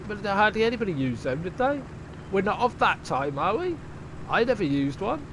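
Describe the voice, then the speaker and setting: A man's voice: on the high side, very animated, normal speed, fairly bright tone, slight background noise. A man chatting casually and sarcastically while streaming a game, swearing freely. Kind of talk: casual live-stream chat.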